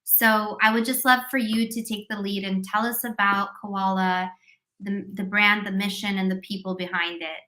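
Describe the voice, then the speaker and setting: Bright, upbeat woman hosting a live stream. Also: mid-range voice, flat delivery, normal speed. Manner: upbeat, effusive, many thanks and praise. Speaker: host of teacher business coaching live stream. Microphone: video call.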